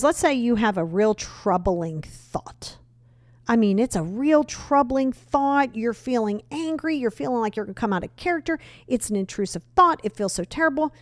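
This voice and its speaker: A woman's voice: fairly high pitch, no echo, clean studio sound. A young woman hosting a self-help podcast, talking bluntly and emphatically with some mild cursing. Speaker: podcast host. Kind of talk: motivational self-help talk.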